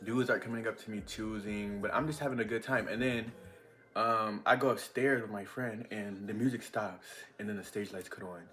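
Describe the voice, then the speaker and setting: A young man telling a casual storytime vlog, chatty and animated with lots of fillers. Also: fairly low pitch, moderate pace, faint music behind. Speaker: vlogger.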